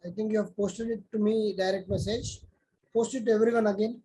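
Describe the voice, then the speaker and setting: A man's voice: high-pitched, fairly even intonation, brisk, mellow, poor audio. Man teaching an online class, checking in. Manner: conversational, checks in with students by name.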